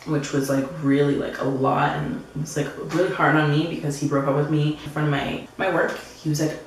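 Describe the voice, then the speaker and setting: Chatty young woman in an echoey room. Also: low voice. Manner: chatty, fillers "like" everywhere. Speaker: beauty vlogger. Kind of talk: casual get-ready-with-me storytime. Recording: very echoey room with faint noise.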